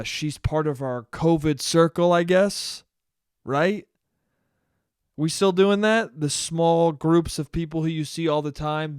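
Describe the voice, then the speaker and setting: A man's voice: on the high side, clear, resonant tone, no room sound. A man hosting a casual comedic podcast monologue, talking in a rambling, profane, self-deprecating way into a close mic. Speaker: podcast host.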